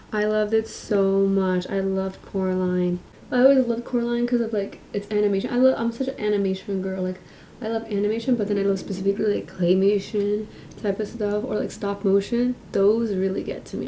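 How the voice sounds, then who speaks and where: A young woman vlogger chatting casually while doing her makeup, soft-spoken and a little mumbly, with lots of fillers. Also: mid-range voice, fairly even intonation, normal speed, a little hiss or hum.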